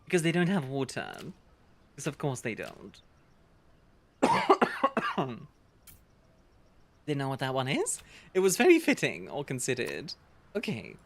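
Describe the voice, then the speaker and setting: Lively low-voiced woman streamer. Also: creaky. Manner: animated, reads game text aloud and reacts. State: coughing. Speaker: streamer playing a strategy game. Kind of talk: casual gameplay chat.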